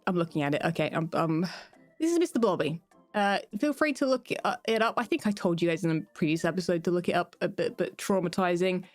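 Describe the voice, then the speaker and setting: A woman's voice: on the low side, lively intonation, fast, no room sound, soft background music. A British woman giving casual, playful gameplay commentary as a Minecraft YouTuber. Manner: chatty and playful.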